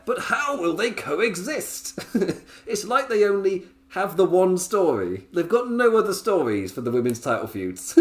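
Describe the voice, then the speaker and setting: Male podcast host, casual and rambling, laughs often, very animated delivery. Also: mid-range voice. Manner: rambling, laughs often between points, goes off on tangents. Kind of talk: casual solo review podcast.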